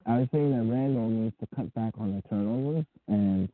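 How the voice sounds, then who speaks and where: A man's voice: lowish voice, moderate pace, no echo. A man co-hosting a casual sports talk show, giving brief, plain replies. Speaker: co-host. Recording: tinny phone-like line, dry.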